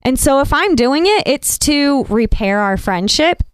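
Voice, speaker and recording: A young woman from North Carolina, a podcast guest chatting casually and telling stories in an animated, giggly way. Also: high-pitched, a little slow, no room sound. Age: young adult. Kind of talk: casual chat.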